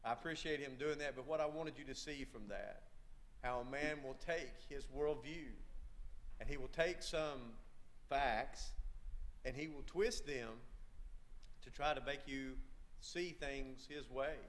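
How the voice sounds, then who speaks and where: A man preaching a sermon, emphatic and repetitive, with halting asides. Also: medium pitch, fairly bright tone.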